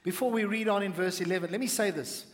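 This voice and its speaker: Reading scripture aloud, a male pastor preaches fast in a voice that sits high. He keeps breaking away into lively asides to his congregation.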